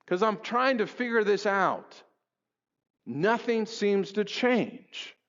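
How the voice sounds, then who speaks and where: Male preacher, slow and earnest, a little high-voiced, sermon in a reverberant church sanctuary. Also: animated. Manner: impassioned, rises high reading scripture aloud. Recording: dull lo-fi recording in a reverberant hall. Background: long church reverb.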